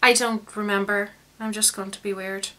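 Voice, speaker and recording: A woman's voice: medium pitch, little pitch movement, moderate pace, sharp tone. A young woman with a Northern Irish accent, chatting in a rambling, bubbly vlog to her viewers. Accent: Northern Irish, County Antrim. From Northern Ireland. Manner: rambling, bubbly, self-mocking. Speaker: beauty YouTuber.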